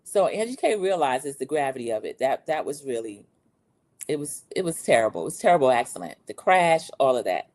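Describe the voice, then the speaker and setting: A woman's voice: a bass voice, sing-song, fairly quick, a little mellow. Chatty middle-aged woman recapping reality TV. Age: Gen X, 40s to 50s. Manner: chatty and opinionated, acts out quotes in a raised voice. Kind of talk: casual opinionated commentary.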